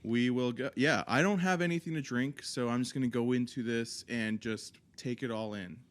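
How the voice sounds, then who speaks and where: A man co-hosting a podcast, talking in a relaxed, rambling way with fillers. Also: medium pitch, normal speed. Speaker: podcast co-host. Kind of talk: casual chat.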